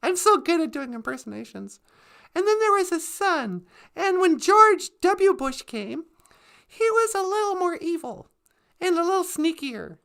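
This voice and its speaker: A woman's voice: very high voice, sing-song, measured pace, creaky, a bit bright. A woman hosting a casual comedic live stream, playful and giggly.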